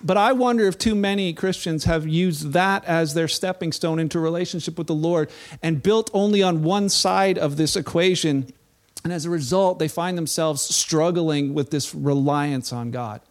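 A man's voice: a little high, normal speed. A middle-aged man, a pastor, preaching a sermon in a church in a conversational, playful way, acting out the voices he quotes.

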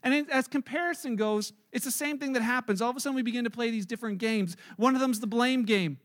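A man's voice: very high voice, fast talker. A male pastor preaching a sermon in a storytelling manner, acting out the characters he describes.

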